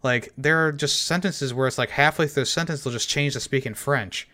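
A man's voice: mid-range voice, brisk, sharp tone. A man talking casually about a movie with friends, rambling with many fillers and restarts. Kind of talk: casual film discussion.

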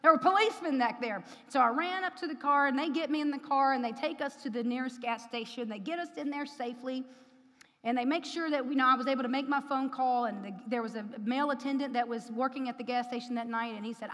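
A woman's voice: high-pitched, fast talker, fairly bright tone. A middle-aged woman preaching in church, telling a personal story with emotion and speaking directly to the congregation. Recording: reverberant hall.

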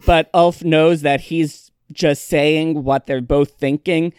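A man on a podcast walks through a story recap at an unhurried pace. His voice is clean and smooth, recorded close and dry with no room sound, and he drops in wry asides. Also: on the high side, fairly even intonation, darkish tone, no echo. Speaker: podcast host recapping episodes. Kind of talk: casual recap narration.

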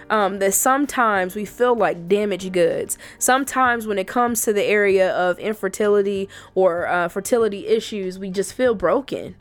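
A woman's voice: mid-range voice, normal speed. A woman giving a personal faith testimony to other women. She speaks earnestly and emphatically, repeating herself for emphasis.

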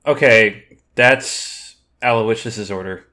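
A man's voice: fairly low pitch, bright, forceful tone. A man co-hosting a casual podcast, chatting easily about a TV episode from his notes and laughing often. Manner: easygoing, reads from notes, quick to laugh. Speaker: podcast co-host. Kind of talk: casual recap chat.

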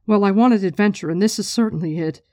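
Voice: mid-range voice, fast, warm tone, no room sound, studio quality, lightly acted. A reader voicing a fierce, impatient young noblewoman who presses questions and brushes off objections. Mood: eager.

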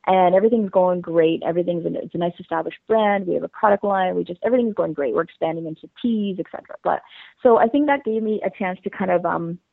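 A woman guest talks quickly and eagerly, piling up fillers as she tells her story, with a gravelly edge to her voice. The sound is dry and squeezed, like a phone line. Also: lowish voice, dry recording. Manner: fast, bubbly storytelling with many fillers. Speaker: interview guest. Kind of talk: casual interview.

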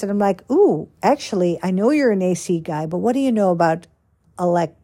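A woman podcast host talking casually, telling stories in a chatty, animated way with quick asides. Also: mid-range voice. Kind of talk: casual chat.

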